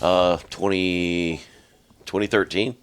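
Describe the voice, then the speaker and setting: Laid-back low-voiced middle-aged man. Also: steady tone, takes it slowly, smooth. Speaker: podcast host, retired bomb tech. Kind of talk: casual chat.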